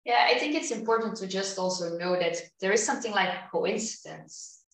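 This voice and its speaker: A woman from Belgium, a tinnitus therapist and guest, explaining in a measured way with hesitant fillers, a non-native English speaker. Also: medium pitch, fairly bright tone, recorded from a distance. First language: not English. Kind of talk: interview answers. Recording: roomy, off-mic sound.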